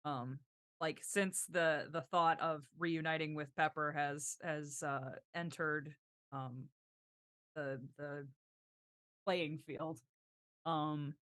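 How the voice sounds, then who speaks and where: A woman's voice: deep voice, steady tone, slow pace, pauses often, a bit bright, dry recording, studio quality. A woman playing a tabletop game, narrating what her character does in a casual, rambling way. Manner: casual, loose narration with fillers. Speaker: player.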